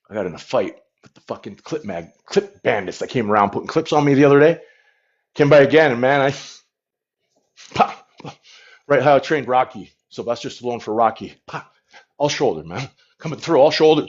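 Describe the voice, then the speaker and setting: A man in a comedic livestream, rambling and boasting to his viewers, talking into a phone held at arm's length. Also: medium pitch. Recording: dull lo-fi phone stream.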